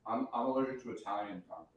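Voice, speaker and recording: A man co-hosting a casual morning show, tossing in quick deadpan quips from off mic. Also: medium pitch, lo-fi sound. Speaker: co-host.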